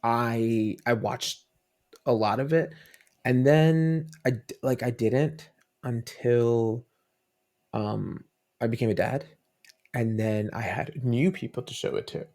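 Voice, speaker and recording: Gravelly-voiced dad telling stories. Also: male voice, mid-range voice, slow pace, a little mellow. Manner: rambling storytelling with many fillers and restarts. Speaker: podcast guest. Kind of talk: casual interview chat.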